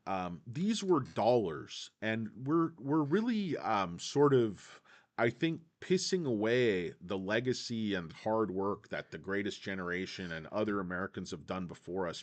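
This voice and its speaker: A man hosting a casual stock market video, rambling with many fillers and talking straight to his viewers. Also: mid-range voice. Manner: rambling, full of fillers, keeps addressing "guys". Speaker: stock channel host.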